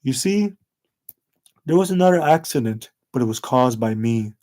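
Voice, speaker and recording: A man voicing a cruel, bitter middle-aged father confessing revenge in a low, brooding way. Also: lively intonation, moderate pace, a little mellow, close to an everyday voice.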